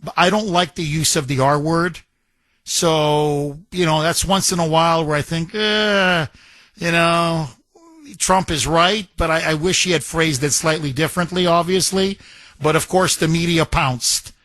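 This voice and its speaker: Bright, forceful talk radio host. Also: male voice, on the high side, steady tone, measured pace, dry recording. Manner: combative, sarcastic, ranting. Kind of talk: opinionated talk radio monologue.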